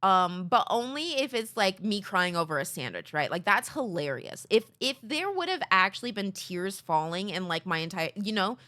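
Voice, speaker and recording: A woman's voice: medium pitch, very animated, moderate pace, few pauses, sharp tone. A young woman streamer chatting casually with her viewers, rambling, swearing and laughing at herself. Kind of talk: casual chat with chat.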